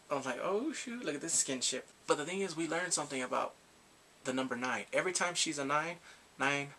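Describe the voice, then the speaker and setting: A man casually recapping a drama for his vlog, animated and acting out the characters' reactions with gasps and laughs. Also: medium pitch, slight background noise. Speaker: K-drama reviewer.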